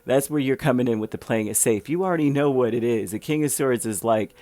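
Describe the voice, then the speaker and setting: A man's voice: medium pitch, fast talker, hardly any pauses, a little mellow, no room sound. Chatty man rambling through a tarot reading. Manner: chatty, rambling with many fillers and restarts. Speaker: tarot reader. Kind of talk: casual tarot reading monologue.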